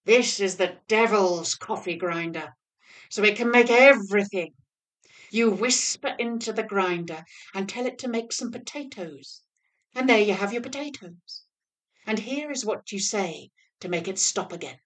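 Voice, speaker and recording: A woman voicing a bossy male master devil in a storybook tale, commanding and booming. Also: unhurried, close to an everyday voice. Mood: persuasive.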